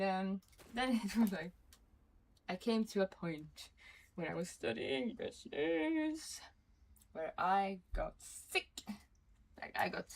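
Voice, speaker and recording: A woman's voice: medium pitch, creaky, a little hiss or hum. Rambling young woman streamer. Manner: rambling and self-deprecating, heavy on "like", swears freely. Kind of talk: casual chat to a live stream chat.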